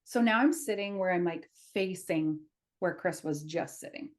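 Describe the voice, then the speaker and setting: A woman co-hosting a podcast, telling a personal story in casual chat, animated and laughing often as she acts out what people said. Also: fairly low pitch, moderate pace. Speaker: podcast co-host.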